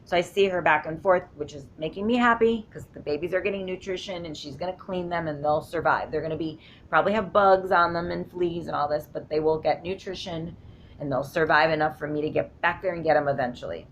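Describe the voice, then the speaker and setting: A woman's voice: low-pitched, a little fast, highs cut off, slight background noise. A woman vlogging from home, telling a long story in a rambling, emphatic way and often interrupting herself. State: sleep-deprived. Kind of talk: casual storytelling vlog.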